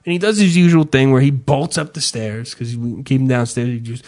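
A man on a podcast telling a long story in casual chat, swearing freely and mocking himself, and shouting the lines he quotes. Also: mid-range voice, steady tone, a little fast. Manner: profane, self-mocking storyteller who yells his own quotes. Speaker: podcast host.

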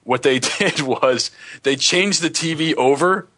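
A man co-hosting a radio show, telling animated everyday anecdotes in casual chat, with lots of fillers. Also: fairly high pitch, measured pace. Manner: animated anecdotes, filler-heavy, laughs at his own stories.

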